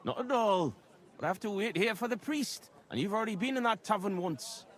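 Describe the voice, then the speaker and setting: An actor voicing a jolly young village ringleader, lively and quick to laugh. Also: male voice, sits high.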